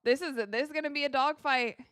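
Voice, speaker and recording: A woman hosting a live watch-along of a basketball game, reacting excitably to plays, crying out and laughing, and thanking viewers for donations. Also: sits high, quick pace, no room sound, studio quality. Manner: thanks viewers for donations and answers their questions.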